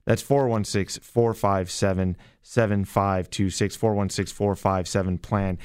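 A man hosting a radio call-in show, friendly and upbeat, reading out phone numbers slowly. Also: lowish voice, steady tone, darkish tone, clean tone, no echo, clean studio sound. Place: radio studio. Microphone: studio microphone.

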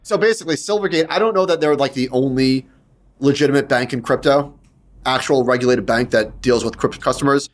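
A man's voice: mid-range voice, a little fast. A man with a New York accent, co-hosting a podcast in casual chat, speaking emphatically and often cutting in. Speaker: podcast co-host.

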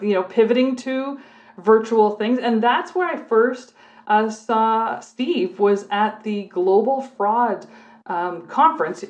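A middle-aged woman from Canada, a former police officer, telling her stories in a relaxed, chatty way on a podcast. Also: medium pitch. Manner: chatty storyteller, talks readily at length. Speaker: guest, former undercover cop and prosecutor. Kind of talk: casual podcast chat. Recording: muffled lo-fi audio.

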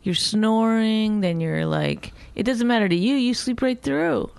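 A woman's voice: fairly high pitch, unhurried, gravelly, smooth, dry recording. Woman podcast co-host, middle-aged, teasing, exaggerating, dry close recording. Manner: exaggerating, teasing, animated retelling. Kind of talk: casual bickering chat.

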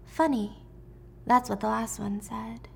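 A woman voicing a cold, falsely sweet female villain politician who speaks softly and with condescension, in a spoken story recap. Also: a little high, fairly even intonation, takes it slowly, creaky, a little hiss or hum, full character voice. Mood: icy. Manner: soft, hushed and condescending.

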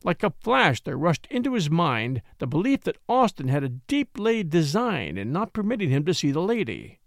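A male audiobook narrator reading with an animated, expressive delivery. His voice sits fairly high for a man and moves a lot in pitch. The recording is close and dry. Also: dry recording. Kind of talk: scripted narration.

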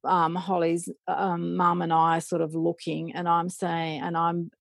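A middle-aged woman, a parent educator, telling stories in an animated way and acting out remembered dialogue. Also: fairly low pitch, measured pace, gravelly, dry recording. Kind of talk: storytelling in a podcast interview.

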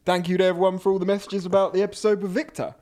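A man's voice: sits high, level tone, rapid-fire, darkish tone. Chatty man with a slight lisp. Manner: chatty, laughs often, repeats words. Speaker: podcast co-host. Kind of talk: casual chat.

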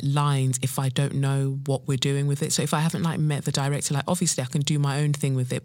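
A woman's voice: rumbling low, dry recording. A woman hosting a podcast in a casual solo chat, slangy and self-hyping, full of fillers. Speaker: podcast host.

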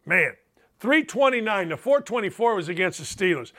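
Male sports talk host, high bright voice, animated pitch, emphatic and argumentative. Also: normal speed. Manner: emphatic, argumentative, mock-quotes critics in a higher voice. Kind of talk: opinionated sports talk monologue.

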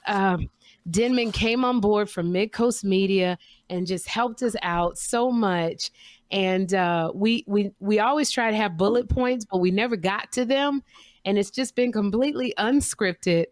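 Excitable woman podcast co-host, dry sound. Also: medium pitch, unhurried, dry recording. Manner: excitable, gushing exclamations. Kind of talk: casual chat.

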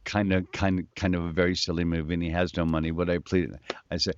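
A man's voice: sits low, little pitch movement, fast talker, few pauses, muffled recording, a little hiss or hum. A man in his sixties, a guest actor, telling a rambling, chuckling anecdote on a podcast.

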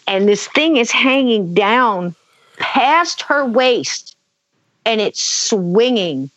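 A woman telling a personal story in conversation, animated, acting out quotes, with many fillers. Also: a little high, very slow, no echo. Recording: dull lo-fi dry sound.

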